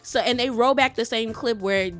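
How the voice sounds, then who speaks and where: A woman recapping a reality TV episode in a casual, chatty, slangy way, retelling the arguments with animated quoting. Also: fairly high pitch, moderate pace, faint music behind.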